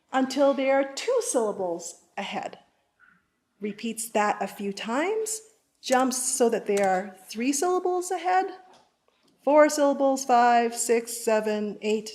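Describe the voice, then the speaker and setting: A woman's voice: high-pitched, darkish tone, slight background noise. A woman presenting music theory to a live audience, friendly and explanatory. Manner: friendly, explanatory, some fillers. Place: large room with audience.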